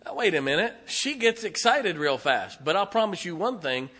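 Pastor guy mid sermon, folksy stories, kinda high bright voice, goes quiet then loud. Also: very animated, normal speed. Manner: folksy storytelling, swings from hushed to loud emphatic preaching.

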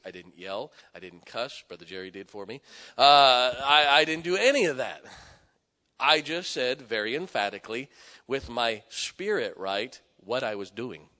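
A middle-aged man preaching a sermon, telling stories with loud emphatic bursts and quiet asides. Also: medium pitch. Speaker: pastor. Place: church sanctuary. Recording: long hall reverb in a church.

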